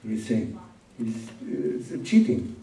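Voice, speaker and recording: A man giving an informal sermon as a sheikh, speaking in a plain, halting way and repeating words for emphasis. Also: medium pitch, sing-song, creaky, warm tone. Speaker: sheikh teaching a religious talk. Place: gathering room at a summer camp. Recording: roomy room, distant mic.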